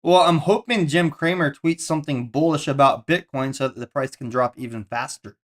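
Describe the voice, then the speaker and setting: A man's voice: fairly high pitch, brisk. Man, live stream host, casual, dry humor, questioning. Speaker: streamer and crypto trader.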